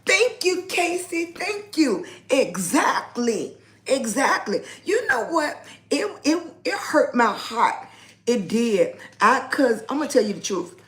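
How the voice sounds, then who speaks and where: Slow-talking upbeat woman greeting viewers. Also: high voice, sing-song. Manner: motivational, speaks positive affirmations. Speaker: lifestyle blogger hosting a livestream. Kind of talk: casual live-stream chat.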